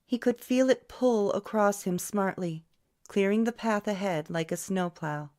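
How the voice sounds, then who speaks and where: A woman's voice: medium pitch, unhurried, darkish tone. A woman narrating a novel as an audiobook, reading all the characters' lines herself. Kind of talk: scripted narration.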